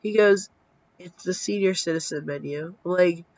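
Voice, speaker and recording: A woman's voice: fairly low pitch, normal speed, no echo. A woman in her thirties telling a story in a casual vlog, acting out the dialogue and swearing casually, tired from little sleep. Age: 30s. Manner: animated, acts out quoted dialogue, swears casually. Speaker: vlogger. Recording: dull lo-fi sound.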